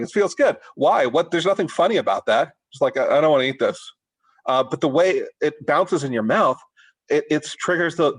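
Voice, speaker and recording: A middle-aged man leads a writing workshop in a loose, unscripted way. His voice sits at an ordinary middle pitch, and he stops and restarts often, filling the gaps with fillers. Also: low-quality recording. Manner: halting, many restarts and fillers. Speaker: writing teacher. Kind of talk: informal workshop talk.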